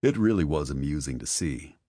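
A man reading an audiobook as its narrator, with expressive storytelling. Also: very deep voice, brisk, dry recording, studio quality. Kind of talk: scripted narration.

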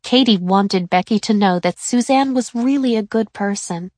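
A woman narrating a children's chapter book in a clear, even storytelling voice. Her pitch sits in the middle, and the recording is close and dry. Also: normal speed, no echo.

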